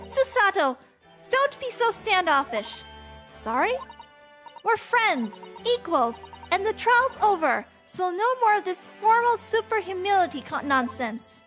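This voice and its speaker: A woman's voice: very high-pitched, big pitch swings, a little slow, a bit bright, faint music behind, voice pushed up, full character voice. A woman voicing a cheerful, boastful young male defense lawyer in a game. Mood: cheeky.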